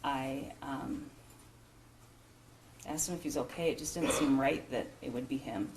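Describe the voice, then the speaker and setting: A low-pitched woman gives witness testimony in a courtroom, her account halting and full of restarts. The room is echoey, with faint background hiss. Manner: halting, emotional, many restarts and fillers. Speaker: witness, school principal. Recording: roomy courtroom broadcast audio.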